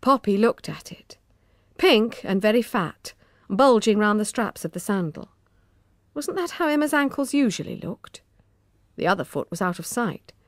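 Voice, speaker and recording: A woman with a British accent narrating a children's audiobook in an expressive, measured way on a close studio mic. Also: mid-range voice, no room sound.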